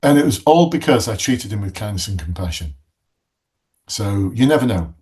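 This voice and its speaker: Man, middle-aged, low voice, ex-police coach, casual storytelling, rambling, tangents. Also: animated, normal speed, a little mellow. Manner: rambling, chatty, with tangents and restarts. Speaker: police recruitment coach, former police sergeant. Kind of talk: casual anecdotal teaching talk.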